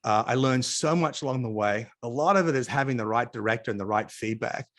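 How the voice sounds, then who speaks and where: A man's voice: medium pitch, fairly quick. A middle-aged Australian man, an interview guest on a video call, telling chatty anecdotes with asides in a casual storytelling way.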